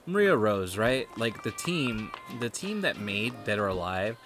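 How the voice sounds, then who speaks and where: A man's voice: lowish voice, sing-song, unhurried, a bit bright. A man streaming a video game, chatting casually in a rambling, profane, joking way. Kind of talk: casual gaming stream chat. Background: game music.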